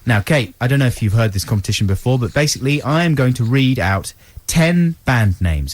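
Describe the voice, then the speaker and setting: Man, comic radio co-host, middle-aged, lively up-and-down delivery, laughs a lot. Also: mid-range voice, fairly quick. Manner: playful, laughs often, does impressions.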